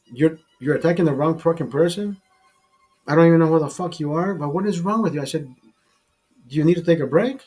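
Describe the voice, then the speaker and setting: A man's voice: fairly high pitch, brisk, a little mellow, slightly rough, soft background music. A man hosting a casual show, telling a rambling, profane story with many restarts and repeated words. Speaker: host.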